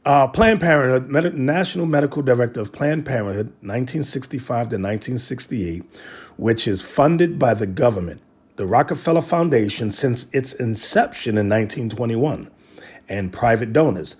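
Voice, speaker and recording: A man's voice: medium pitch, expressive, normal speed, a little mellow, slightly rough. A man giving a sermon, reading a document aloud and breaking off to address his listeners directly with emphatic commentary. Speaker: religious teacher.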